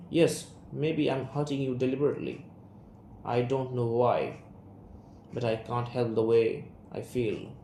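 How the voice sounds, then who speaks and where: A young man with an Indian English accent voicing a guarded, estranged son and writer, reading a play aloud in a measured, restrained way. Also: medium pitch, dark tone, close to an everyday voice. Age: young adult. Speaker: student reader. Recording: roomy room, faint hiss.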